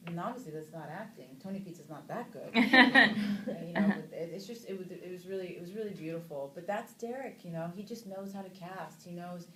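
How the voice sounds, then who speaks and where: A woman in her thirties, an actress telling animated stories at a casual press interview, her voice jumping high in mock surprise. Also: a little fast, few pauses, a crowd in the background. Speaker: actress interviewed about a film. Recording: echoey room with faint background noise.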